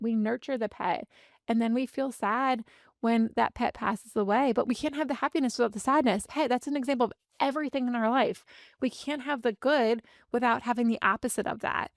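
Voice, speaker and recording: A woman in her thirties hosting a podcast, talking earnestly and from the heart, speeding up and slowing down to stress her points. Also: a little high, creaky, no room sound, clean studio sound. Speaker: podcast host and business coach. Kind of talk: candid motivational podcast monologue.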